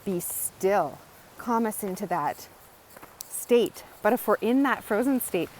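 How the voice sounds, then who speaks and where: A woman's voice: medium pitch, lively intonation, slow pace, a little mellow, a little hiss or hum, low-quality recording. A woman educator explaining in a casual, earnest teaching monologue, often repeating phrases and checking in with "right?". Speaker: wellness educator.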